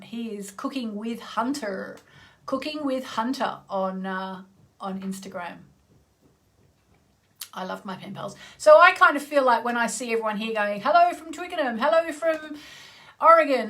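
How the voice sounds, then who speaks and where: Woman, mid-pitched, chatty live-stream astrologer who greets viewers and clears her throat often. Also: a bit bright. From Australia (Tasmania). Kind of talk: casual live-stream chat.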